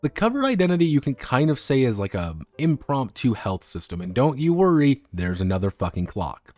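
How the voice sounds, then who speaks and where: Over soft background music, a man with a mid-range, darkish voice speaks in a sing-song manner, fairly quickly and with few pauses. On a streaming microphone, he gives casual, unscripted, rambling commentary about tabletop games, with plenty of fillers and the odd curse.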